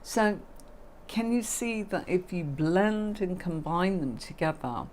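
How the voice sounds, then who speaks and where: A middle-aged woman, host of a tarot livestream, teaches in a fairly low, slightly mellow voice that is animated yet slow-paced. She chats affectionately, calling people "darling" and "my lovely," with slight background noise behind her.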